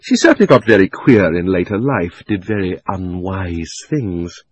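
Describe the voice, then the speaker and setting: A man reading an audiobook, voicing a sly, greedy old male magician uncle who talks in a wheedling, sinister way with drawn-out words. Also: low-pitched, lively intonation, breathy edge.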